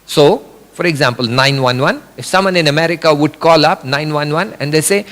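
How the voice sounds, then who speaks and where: A middle-aged man giving an animated religious lecture, explaining with examples. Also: on the high side, moderate pace. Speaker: religious speaker. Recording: long reverb of a hall.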